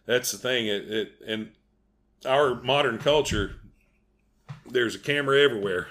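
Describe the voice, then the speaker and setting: A man's voice: mid-range voice, normal speed, fairly bright tone. A man hosting a podcast, telling stories and jokes in casual chat. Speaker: podcast host.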